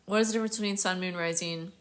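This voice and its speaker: A woman's voice: lowish voice, fairly even intonation, racing, slight background noise. An American woman in her thirties, a casual, chatty astrologer answering viewer questions on a livestream and laughing often. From United States.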